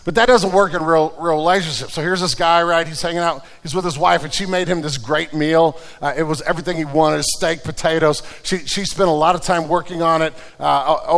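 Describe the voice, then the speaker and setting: Male pastor mid-sermon, high voice, chatty storytelling delivery, recorded in a reverberant church. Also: a bit bright. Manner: conversational preaching with repeated restarts and told anecdotes.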